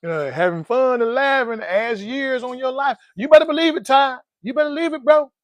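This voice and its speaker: A man's voice: extremely high pitch, brisk, no room sound. A man giving casual motivational talk about money and life, playful, laughing often and using folksy slang. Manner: folksy slang, calls listeners "man" and "dog". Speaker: personal finance vlogger.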